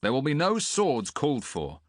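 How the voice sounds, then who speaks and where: A man's voice: mid-range voice, wildly swooping pitch, moderate pace, no room sound, clean studio sound, voice pushed up. A man voicing a tall, confident young prince in an audiobook, commanding but amiable.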